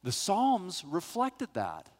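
Animated storyteller pastor, man, hall reverb. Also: sits high, slow pace. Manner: animated storyteller, acts out voices. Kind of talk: sermon with personal story.

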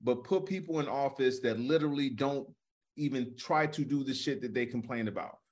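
A man with a middle-pitched voice talks earnestly through a casual political discussion on a comedy podcast. His thoughts wander a little as he goes. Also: normal speed.

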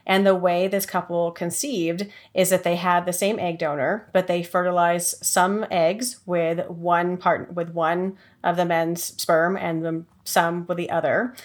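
A woman hosting a podcast, talking casually with lots of fillers and quick restarts. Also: lowish voice. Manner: chatty, many fillers and restarts. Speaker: podcast host.

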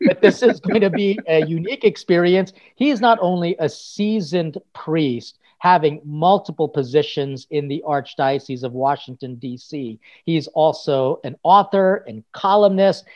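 A lively male priest hosts a casual interview, his voice sitting a bit high for a man. He keeps things upbeat and jokey, tossing in quick asides as he introduces his guest. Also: muffled recording. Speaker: priest and podcast host.

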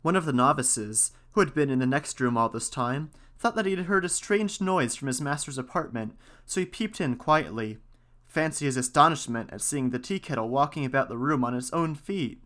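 A man reading an old folktale aloud as a storyteller, in a calm, unhurried way, giving the characters light voices. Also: mid-range voice.

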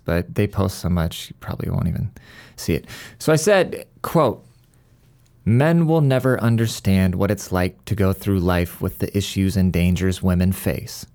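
A man's voice: on the low side, vocal fry, warm tone, clear, resonant tone. A male podcast host in a worked-up, profane monologue, stumbling over restarts as he rants.

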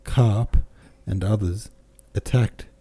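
Man, audiobook narration, steady measured reading, low pitch, very mellow timbre. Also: husky. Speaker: podcast host and reader. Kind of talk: scripted narration of a classic novel.

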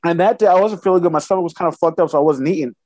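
A man telling a crude personal story in casual podcast chat, profane and animated, acting out the dialogue. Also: on the high side, rapid-fire, no room sound.

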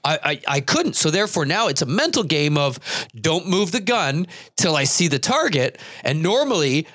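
A young adult man co-hosting a podcast, telling stories in casual chat with animated, rambling asides. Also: fairly high pitch, moderate pace, no room sound, studio quality. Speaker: podcast co-host.

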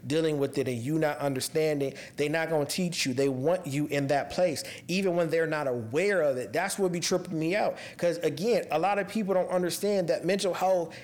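A man's voice: fairly high pitch, fairly quick, few pauses, a little mellow. A man hosting a podcast, speaking in a casual, candid personal monologue that turns raw and emotionally heavy. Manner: casual and conversational, restarts when upset. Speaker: podcast host. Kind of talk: personal monologue on mental health.

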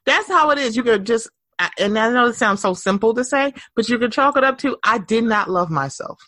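Animated, bright-voiced woman chatting frankly. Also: fairly quick, dry recording, clean studio sound. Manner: animated, laughing, frank and profane, breaks into high mocking voices for quotes. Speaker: podcast co-host. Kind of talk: casual chat.

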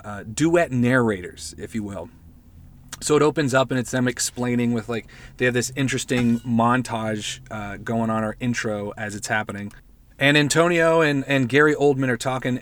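A man's voice: mid-range voice, a bit bright, dry recording. A man hosting a casual podcast, recapping a movie in a rambling way with lots of fillers, restarts and swearing. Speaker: podcast host.

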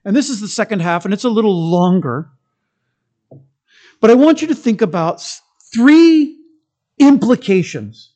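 A male pastor giving a sermon in a church. He is emphatic and conversational, moving between strong stresses, quiet asides and humorous stories. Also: high-pitched, expressive, moderate pace, long pauses, muffled recording.

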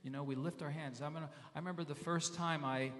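A man's voice: fairly high pitch, fairly even intonation, fast, a bit bright. A male pastor giving a sermon in a conversational way, repeating phrases and sounding out Hebrew and Greek words. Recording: long reverb in a large hall.

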